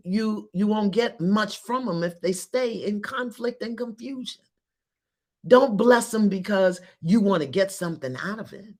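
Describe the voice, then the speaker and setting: A woman spiritual teacher leads listeners through a group blessing, her voice in a middle pitch range. She urges them on with fervent, repetitive calls, dropping soft and then rising loud. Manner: swings between soft and loud.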